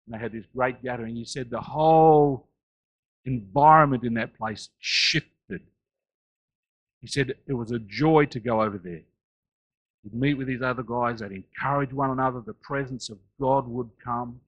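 A male pastor preaching a sermon, his middle-pitched voice climbing and growing loud on key lines, then sinking low and soft. The sound is dull and a little lo-fi, like a church recording. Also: moderate pace. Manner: rises loud on key phrases, drops low and quiet between.

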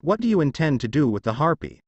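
Motherly goddess, gentle and guilt-laden, a man reading her lines. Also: a little high, sing-song, quick pace, dry recording, dull audio. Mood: caring. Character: gentle motherly female earth goddess, tiny fairy form.

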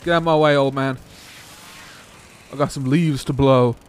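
A man's voice: mid-range voice, fairly even intonation, normal speed, a little hiss or hum. A young man casually commentating a skateboarding game playthrough, joking, swearing and reacting as he plays. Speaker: gameplay commentator.

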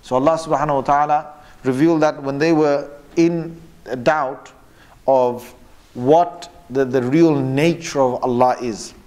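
A man teaching a religious lesson who quotes Arabic passages and then explains them in English, pausing often and correcting himself as he goes. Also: mid-range voice, fairly even intonation, darkish tone. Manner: pauses often, with fillers and self-corrections. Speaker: Islamic teacher. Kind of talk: lecture on religious texts.

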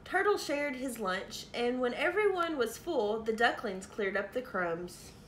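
A woman preschool teacher reading a picture book aloud to young children in an animated, sing-song way, in an echoey room. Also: fairly high pitch, measured pace. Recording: echoey room, faint noise.

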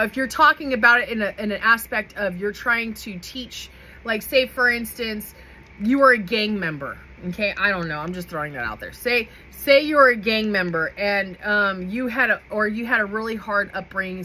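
A woman's voice: medium pitch, sharp tone, a little hiss or hum, rough recording. A woman giving a casual tarot reading to camera, chatty and emphatic, often checking in with "okay?" and laughing. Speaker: tarot reader.

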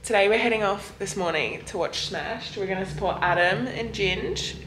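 A woman's voice: medium pitch, normal speed, echoey room, background noise. A woman with an Australian accent, talking upbeat to camera in a casual vlog. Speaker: vlogger.

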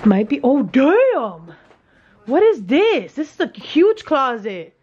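A woman, giving an excited, gushing house tour for her vlog, filmed on a phone indoors. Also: sits high, slow pace, dull audio, a little hiss or hum. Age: 30s. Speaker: vlogger. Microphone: handheld phone camera.

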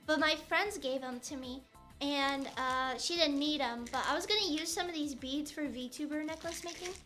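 Young girl streamer rambling about her day while crafting, high bright voice, bit of music playing low. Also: normal speed. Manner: rambling, playful, chatty with restarts.

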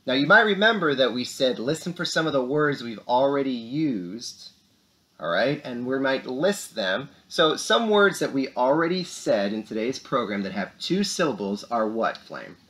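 A young man hosts a school morning show for children. His pitch rises and falls widely as he talks to his young viewers with animated, upbeat energy. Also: moderate pace. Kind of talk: lively kids' morning announcements.

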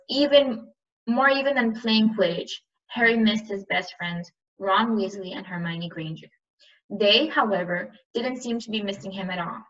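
A woman teacher reads a novel aloud and then talks it over with her class in a casual, chatty way. Her voice is bright and sharp. The recording sounds distant and muffled. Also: mid-range voice. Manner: casual and chatty between readings.

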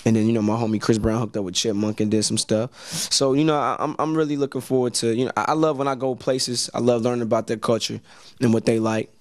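This man is a rapper and actor guest, an American chatting casually in an interview with a laid-back, slangy style and a habit of repeating words when starting sentences. He speaks at medium pitch in a level tone at a quick pace, with no echo.

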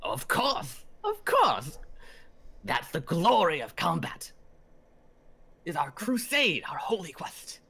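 A tall, spindly clockwork soldier, earnest and zealous but lost without orders, voiced by a man. The voice leaps all over its range, dropping low and solemn, then jumping high. It stammers and restarts as it works out simple questions. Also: takes it slowly, vocal fry, husky, exaggerated voice. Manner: stammering, naive, swings between solemn and excitable.

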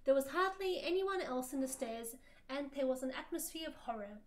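A woman's voice: high-pitched, expressive, a little fast. A woman guest on a livestream reading fan fiction aloud in a mock-dramatic way, often laughing. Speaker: guest co-streamer.

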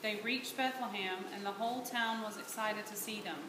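A woman's voice: medium pitch, moderate pace. Southern woman reading scripture narration. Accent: Southern American. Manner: plain steady storytelling read. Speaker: volunteer narrator. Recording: echoey church room with hiss.

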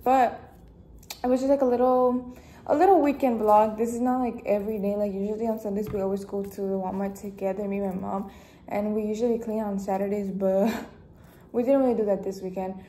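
A woman's voice: a little high, darkish tone, a little hiss or hum. A young woman chatting casually to camera in a home vlog, rambling on as a self-described yapper, recorded on her phone at home. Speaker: vlogger.

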